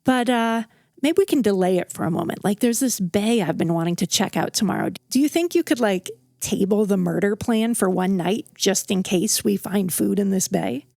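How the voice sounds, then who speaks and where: A woman's voice: mid-range voice, normal speed, gravelly, darkish tone, no echo, clean studio sound, lightly acted. A woman voicing a frightened male sailor who stammers and plays along nervously to buy time. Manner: nervous stammering, overly agreeable. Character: panicked male sailor stalling with forced agreement.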